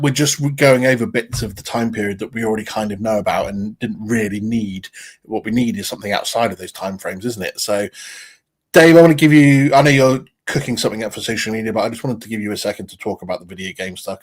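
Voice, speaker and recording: Husky low-voiced man hosting casually. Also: quick pace. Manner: questioning, steering the talk. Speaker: podcast host. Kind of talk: casual chat.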